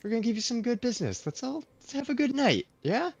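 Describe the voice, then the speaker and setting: A man voicing an awkward, overly friendly woman adventurer who talks loudly over others in a tabletop game. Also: very high-pitched, sing-song, fast, vocal fry, breathy edge, no room sound, voice pushed up, exaggerated voice. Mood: placating.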